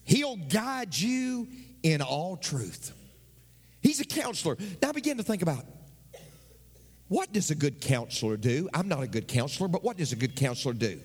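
A male pastor preaching a sermon, his voice climbing high toward near shouts. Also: sing-song, brisk, breathy edge. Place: church. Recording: long reverb of a church hall.

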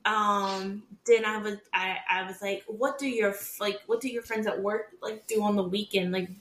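A woman's voice: mid-range voice, normal speed. Echoey-sounding young woman telling stories. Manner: candid, laughing, animated storytelling with quoted voices. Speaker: podcast co-host. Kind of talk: casual chat. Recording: echoey room.

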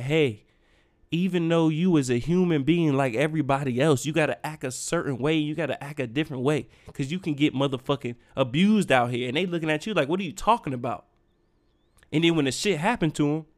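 Heated ranting man. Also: a little high. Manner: heated, profane, emphatic ranting. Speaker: podcast host. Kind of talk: solo rant.

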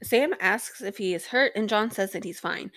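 A woman's voice: mid-range voice, moderate pace, fairly bright tone, no room sound. A young woman hosting a podcast, recapping an episode in a rambling, sarcastic way with plenty of swearing and filler words. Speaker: podcast host.

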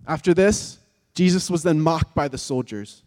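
Male preacher, fairly high voice, dramatic sermon delivery that drops to a hush, long hall reverb. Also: moderate pace. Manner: vivid, dramatic, swings from loud emphasis to hushed tones.

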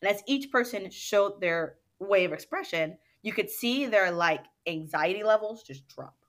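A woman guest in a casual interview, telling stories in an animated way and acting out what others said. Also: mid-range voice, moderate pace. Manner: animated storyteller who acts out what others said. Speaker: guest, dance studio owner.

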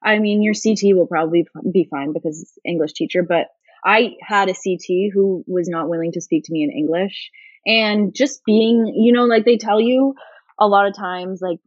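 A woman speaking as an interviewee in casual chat, talking in a fast-flowing way full of "like" fillers. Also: mid-range voice, dry recording. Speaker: interviewee, former education student. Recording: dull, lo-fi recording.

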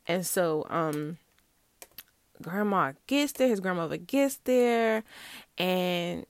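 Casual talk from a young woman, animated, laughs a lot, dry mic. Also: on the low side, takes it slowly, no echo. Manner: animated, laughs often, acts out quotes. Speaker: storyteller. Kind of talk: casual storytelling to viewers.

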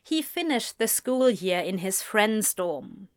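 Slow-reading woman narrator. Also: mid-range voice, sing-song. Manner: measured, unhurried reading. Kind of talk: audiobook-style story reading.

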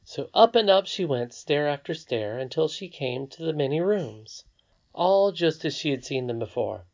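A narrator reading a fairy tale aloud with a measured, expressive delivery. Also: medium pitch. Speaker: audiobook narrator. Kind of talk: storybook narration. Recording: slightly dull lo-fi recording.

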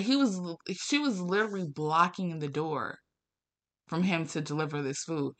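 A woman's voice: moderate pace, fairly bright tone. Heated, profane woman ranting to camera. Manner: rhetorical questions, pitch leaps up when worked up. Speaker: vlogger. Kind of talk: casual rant to camera.

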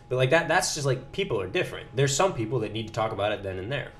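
A man's voice: medium pitch, very animated, fast. A young man co-hosting a podcast, chatting casually and laughing often. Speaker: podcast co-host. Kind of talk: casual chat.

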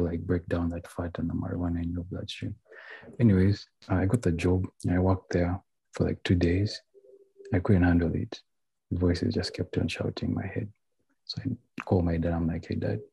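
A young man with a deep, rough, breathy voice tells his story haltingly, restarting his sentences. English is not his first language. His tone is dark and mellow, and the recording is dry and close. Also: no room sound, poor audio. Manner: candid, halting, full of restarts. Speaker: guest telling his story. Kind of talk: personal recovery story. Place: indoors, a library.

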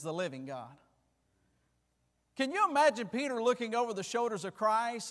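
A man preaching a fervent sermon, repeating words and swinging between loud declarations and hushed asides. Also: high voice, in a large hall.

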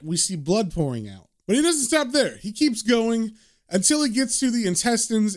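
A man casually retelling a comic book story, animated and relishing the gory scenes. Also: sits high.

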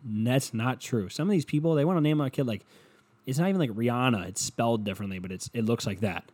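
A man's voice: medium pitch, quick pace, darkish tone. A man delivering a rambling, profane comedic rant that swings into mockery.

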